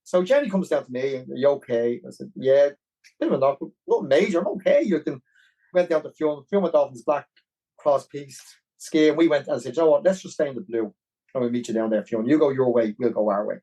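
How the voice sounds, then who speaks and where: A man with a Dublin Irish accent, a podcast guest telling a long story in a rambling, animated way. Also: mid-range voice, brisk, low-quality recording. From Ireland. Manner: animated, rambling, with many restarts. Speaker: podcast guest, marathon runner. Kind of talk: casual storytelling.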